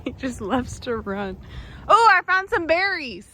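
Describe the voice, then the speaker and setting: A woman's voice: high-pitched, sing-song, measured pace, bright, forceful tone. A young woman vlogging a child's nature walk outdoors in a park, chatty and upbeat with frequent laughter. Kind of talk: casual narration to viewers.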